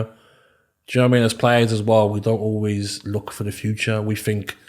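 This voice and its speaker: A man's voice: on the low side, level tone, fairly quick, a little mellow. A man in his thirties with a Birmingham accent, a podcast guest talking casually and leaning on fillers and "you know what I mean". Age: 30s. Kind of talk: casual interview chat.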